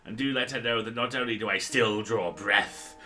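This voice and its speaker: A man voicing a haughty old woman who is feuding over pets, with a grand, drawn-out theatrical delivery. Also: fairly low pitch, steady tone, sharp tone, soft background music.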